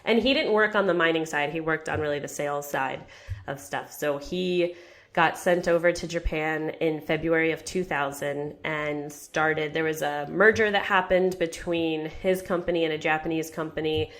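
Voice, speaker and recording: A woman with a low, American-accented voice talks through her memories in a chatty, easygoing manner. She sounds like a guest in her thirties on a podcast interview, relaxed and conversational. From United States. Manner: chatty storytelling, quick and relaxed.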